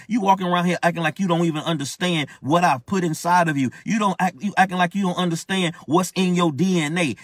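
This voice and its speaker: A preacher voicing a stern scolding God. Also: male voice, high voice, a bit bright, no room sound, clean studio sound, pitched above the performer's own voice. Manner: scolding, commanding, repetitive. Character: stern male God rebuking a wayward man. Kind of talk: sermon.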